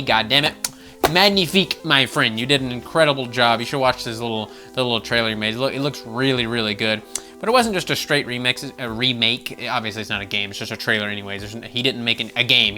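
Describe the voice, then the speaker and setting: Animated, bright-voiced American man. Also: mid-range voice. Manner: animated, swears, mock voices, laughs often. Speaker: gaming channel host. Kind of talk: casual opinion rant.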